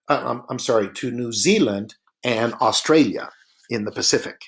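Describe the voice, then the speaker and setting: A man narrating a slideshow lecture in a relaxed, explanatory way, with frequent filler sounds, sometimes stretching words slowly for emphasis. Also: mid-range voice.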